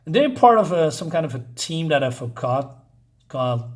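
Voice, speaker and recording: A man's voice: fairly high pitch, sing-song, normal speed. A man giving a casual, rambling spoken comic book review, full of fillers and restarts.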